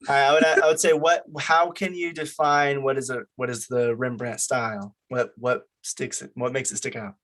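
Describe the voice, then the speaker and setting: A young man leads a study group over a video call and asks them quiz questions. His voice is mid-pitched, and he sounds encouraging and plain. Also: steady tone, normal speed, few pauses, fairly bright tone. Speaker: meeting leader.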